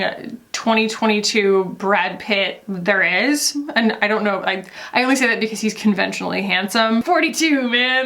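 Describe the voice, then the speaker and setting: A woman's voice: on the high side, fairly bright tone. Chatty woman beauty vlogger. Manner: chatty, gossipy, lots of fillers. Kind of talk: casual chat while doing makeup.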